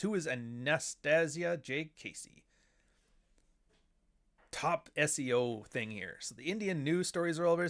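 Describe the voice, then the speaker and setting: A man's voice: mid-range voice, a bit bright. A middle-aged man from Canada hosting a casual livestream, talking in a profane, sardonic and rambling way. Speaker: show host.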